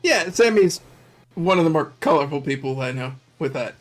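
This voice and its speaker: A man's voice: on the high side, lively intonation, moderate pace. A man chatting casually on a livestream, teasing and laughing often. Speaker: streamer.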